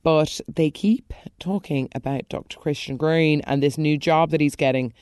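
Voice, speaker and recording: Casting note: woman, low voice, chatty and opinionated recap host, dry close sound. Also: fairly even intonation, moderate pace, darkish tone, clean tone, no echo. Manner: chatty, opinionated, exclaiming in high bursts. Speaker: soap opera recap host. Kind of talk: casual recap commentary.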